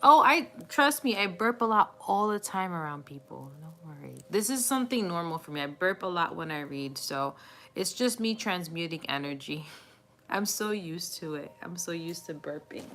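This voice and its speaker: A woman's voice: lowish voice, lively intonation, moderate pace, fairly bright tone. A woman doing a live tarot reading, talking in a chatty, reassuring way with many fillers and frequent laughs. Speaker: tarot reader.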